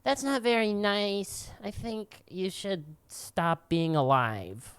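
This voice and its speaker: Man putting on a high whiny voice, mocking, pushy, shrill. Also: very animated, takes it slowly, a bit bright, clear, resonant tone, no room sound, heavily acted. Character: whiny confrontational middle-aged man, high-pitched and mocking.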